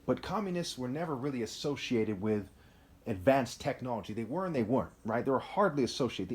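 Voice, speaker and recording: Male vlogger, mid pitch, rambling and emphatic, unscripted monologue. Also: animated, fairly quick, a little mellow. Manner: rambling, emphatic, frequent "right?" asides.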